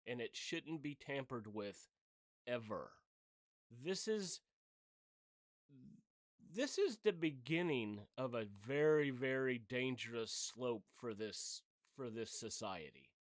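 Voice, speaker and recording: Slow-talking man in a profane rant. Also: medium pitch, dry recording, clean studio sound. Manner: profane, blunt, heated. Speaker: channel host. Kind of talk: opinion rant to camera.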